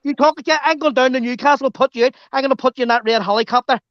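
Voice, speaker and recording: A man's voice: very high-pitched, rapid-fire, a bit bright, no echo. A man, a panel guest swearing, mocking and bragging in crude live-stream banter. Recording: dry lo-fi call audio.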